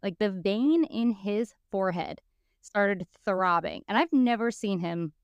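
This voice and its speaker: A woman's voice: mid-range voice, unhurried, clean tone, no echo, highs cut off. A woman co-hosting a podcast, telling a story in casual chat and acting out the people she quotes. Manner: animated, acts out quoted people. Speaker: podcast co-host.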